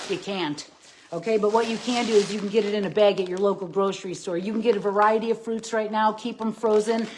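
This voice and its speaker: A woman shows off her groceries in a vlog, talking with lots of energy and punchy catchphrases. She keeps tagging her lines with "okay?" in a middle-pitched voice. A faint hiss sits behind her. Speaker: plant-based lifestyle coach. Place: home with groceries.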